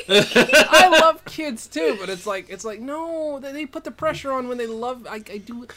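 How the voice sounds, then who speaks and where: A woman hosting a podcast in casual chat, animated and laughing, swearing freely. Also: sits high, unhurried.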